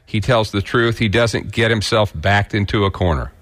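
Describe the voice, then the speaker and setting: A man's voice: fairly low pitch, normal speed. A man from Kansas with a rural Kansas accent, giving blunt, folksy opinion commentary as a radio host.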